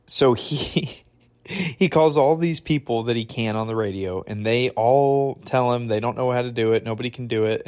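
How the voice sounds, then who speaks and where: Chatty man from Michigan telling a story. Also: mid-range voice. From Michigan, USA. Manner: casual and chatty, slangy, tells it with energy. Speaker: podcast host. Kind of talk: casual faith storytelling.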